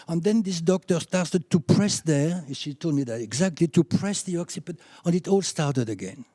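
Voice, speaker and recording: Older man, french accent, chiropractor telling stories, mellow tone, dry sound. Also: a little high, moderate pace, few pauses, no echo. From France. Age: 70s. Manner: animated anecdotes with laughs, rising when excited. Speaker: chiropractor speaking at a conference. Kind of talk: storytelling talk.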